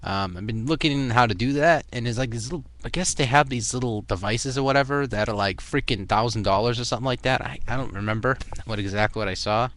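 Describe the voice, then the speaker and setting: A man's voice: mid-range voice, fast talker, hardly any pauses, a bit bright. A young man with a Boston accent, chatting casually in a rambling vlog full of fillers and restarts. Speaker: vlogger.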